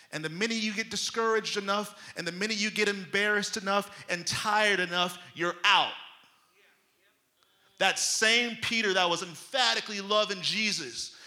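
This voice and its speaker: A man delivering a sermon, his high voice pressing each point home with emphasis. The tone is very bright and cutting, and the delivery stays loose and conversational. He talks straight to the congregation, like a pastor in mid-message. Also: normal speed. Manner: emphatic preaching, folksy and conversational.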